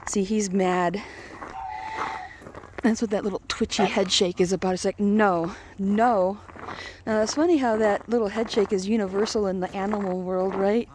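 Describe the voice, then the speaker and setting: A woman's voice: mid-range voice, fairly even intonation, normal speed, darkish tone, slight background noise. A woman vlogging outdoors among geese, chatting casually and coaxing a goose in a playful sing-song voice. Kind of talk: casual vlog narration.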